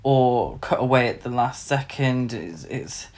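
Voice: mid-range voice, expressive, unhurried. Podcaster, mid voice, fed up with a bad movie, swears a lot. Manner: exasperated, sweary critique. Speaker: podcast co-host. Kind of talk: casual film review chat.

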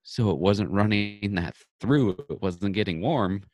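Deep-voiced man, laid-back chat. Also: a little slow, a little mellow, no echo, studio quality. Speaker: podcast co-host. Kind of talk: casual chat.

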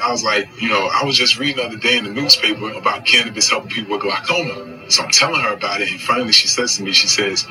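A man, a professional athlete, telling a story in animated, casual slang. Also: on the low side, brisk, distant mic, music in the background, low-quality recording. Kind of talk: storytelling interview.

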